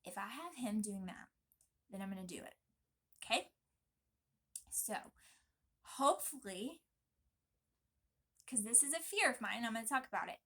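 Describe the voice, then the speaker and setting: A young woman vlogging casually, talking in an emphatic, chatty and animated way. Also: fairly high pitch, moderate pace, long pauses. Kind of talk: casual pregnancy vlog talk.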